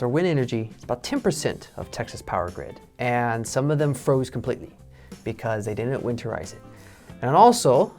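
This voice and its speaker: A man in a relaxed English lesson, explaining with casual fillers. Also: mid-range voice. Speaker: English teacher. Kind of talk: casual teaching chat.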